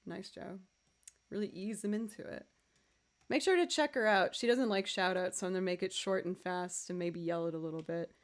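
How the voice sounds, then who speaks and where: Chatting casually with the people watching her livestream, this young musician is upbeat and laughs easily. Her voice is fairly low and a little scratchy.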